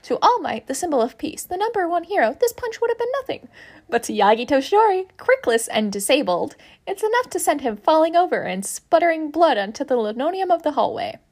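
A chatty woman reads a fan story aloud in a casual way. Her voice sits a little high and she leans hard on the words, swearing freely. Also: sing-song, a little fast, darkish tone. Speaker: fanfiction reader. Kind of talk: casual reading of fanfiction aloud.

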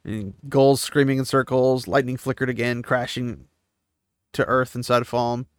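Speaking in a mid-range, resonant voice with a level tone and clear delivery at normal speed, this man hosts a book series recap. He retells the chapter loosely, interrupting himself with casual asides. The audio is clean studio quality without echo.

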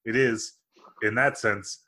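A man's voice: on the low side, fairly even intonation, slow pace, bright, forceful tone. A man co-hosting a podcast, reading movie reviews aloud in casual chat and laughing often. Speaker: podcast co-host.

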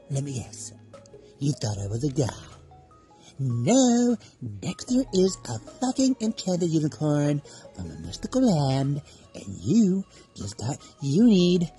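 A woman's voice: low-pitched, mellow, exaggerated voice. Woman playing a crude enchanted unicorn. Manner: sugary politeness turning to crude insults. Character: foul-mouthed self-proclaimed enchanted female unicorn host. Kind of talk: comedic voice acting.

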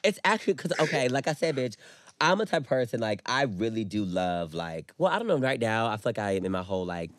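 Animated, sassy man gossiping fast. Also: lowish voice, no echo. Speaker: podcast co-host. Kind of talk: casual gossip chat.

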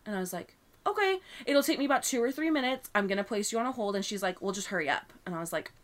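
A woman's voice: on the high side, fast talker. A woman co-hosting a casual chat, telling a story about a rude caller and acting out both sides of the phone call. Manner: animated retelling of a customer service call, acting out both sides.

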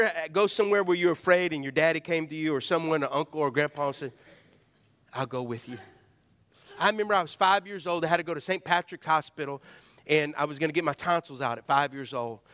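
A male pastor delivers a sermon in a fairly high voice. He preaches emphatically, calling out to the congregation for an answer and acting out prayers. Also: a bit bright.

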